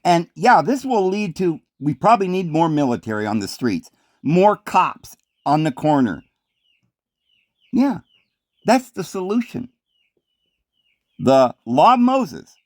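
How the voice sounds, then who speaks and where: A man's voice: on the high side, sing-song, slow pace, long pauses, no echo, studio quality. A man giving a sardonic, meandering video commentary.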